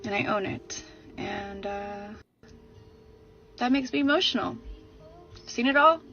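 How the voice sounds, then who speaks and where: A woman's voice: mid-range voice, measured pace, music in the background. A woman talking openly and emotionally about herself in a dreamy, self-reflective way. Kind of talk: casual personal talk. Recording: dull lo-fi clip.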